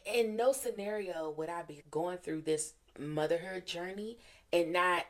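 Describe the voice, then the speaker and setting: A podcast co-host in casual conversation, a woman with a somewhat low voice. She tells a story with great energy and acts out everyone's lines in it. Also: measured pace. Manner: animated storyteller, acting out the people in her stories. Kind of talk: casual chat.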